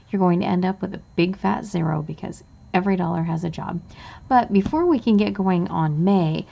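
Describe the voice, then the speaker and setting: A woman, a bubbly, chatty budgeting vlogger talking through her cash envelopes and getting excited easily. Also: medium pitch, creaky, highs cut off. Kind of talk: casual cash envelope walkthrough.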